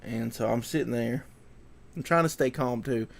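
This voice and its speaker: Guy vlogging, kinda gravelly, rambles and repeats stuff, sounds shaken. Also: mid-range voice, moderate pace. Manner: rambling, repeats himself, trails off. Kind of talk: casual storytelling to camera.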